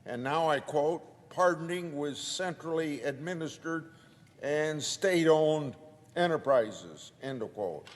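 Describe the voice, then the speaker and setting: Measured male senator with a slightly high voice, reading quotes into the record in a reverberant chamber. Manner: deliberate, reads out quoted documents. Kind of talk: formal floor speech.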